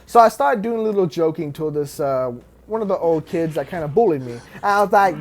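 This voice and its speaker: A man's voice: high-pitched, animated, fairly quick, darkish tone. Rambling young man telling a story. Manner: rambling, laughing, many restarts and fillers. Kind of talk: casual story time.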